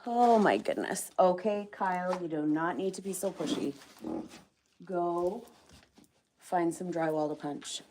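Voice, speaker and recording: A woman's voice: lowish voice, lively intonation, measured pace, darkish tone, slight background noise. A woman vlogging her farm chores, talking affectionately and teasingly to her animals. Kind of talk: casual talk to farm animals.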